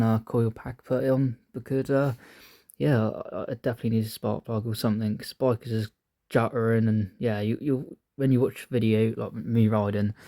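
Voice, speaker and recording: Relaxed young man, mellow voice. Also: mid-range voice, no echo. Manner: relaxed, rambling with fillers. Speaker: vlogger. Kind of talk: casual vlog chat.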